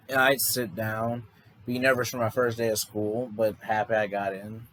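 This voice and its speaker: Man, rambling casual storyteller, slightly low voice, faint background hiss. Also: flat delivery, moderate pace, fairly bright tone, low-quality recording. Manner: rambling, loose, full of "like" and restarts. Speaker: fan storyteller.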